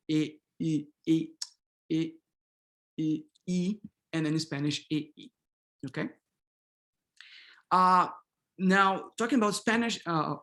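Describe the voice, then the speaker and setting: A man's voice: on the high side, a bit bright. A man teaches pronunciation in an online workshop, speaking through a video-call microphone. He models each sound by saying example words several times in a row. He keeps checking in with his listeners, asking "okay?" and "right?". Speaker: linguistics professor leading a workshop.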